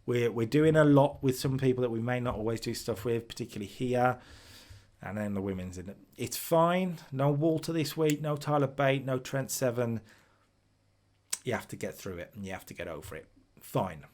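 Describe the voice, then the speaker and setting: A man's voice: medium pitch, expressive, normal speed, darkish tone. A man casually talking through a wrestling booking game, recapping each segment and reading out its ratings. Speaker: streamer booking a wrestling sim.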